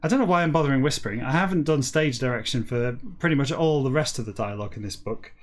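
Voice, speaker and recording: A man hosting a comic show, reading a text backwards in a deadpan voice and breaking off for dry, self-mocking asides. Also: medium pitch, quick pace. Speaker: host reading a novel backwards.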